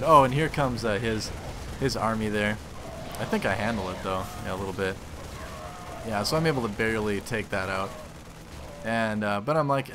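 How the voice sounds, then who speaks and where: A man's voice: mid-range voice, unhurried, long pauses, a bit bright, slight background noise. A man casting a replay of his own game, rambling with frequent restarts and groaning at his mistakes. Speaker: game caster. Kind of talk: self-deprecating replay commentary.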